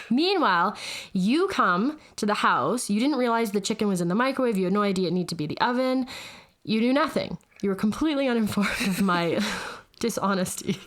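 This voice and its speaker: A woman in her thirties, co-hosting a podcast, telling a funny story in casual chat and laughing as she goes. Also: mid-range voice. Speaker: podcast co-host.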